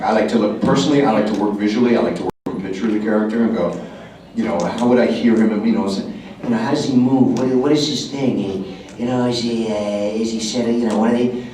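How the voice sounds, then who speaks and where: A man, a voice actor, speaking at a convention panel and jumping into quick voices and asides. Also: mid-range voice, warm tone, a little hiss or hum. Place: large convention hall. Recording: echoey hall, mic heard from a distance.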